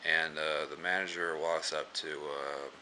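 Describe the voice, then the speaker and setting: A man casually retelling a movie's plot for a review, rambling with many fillers and restarts and often clearing his throat. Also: very deep voice, little pitch movement, a little slow, bright, forceful tone, slight background noise.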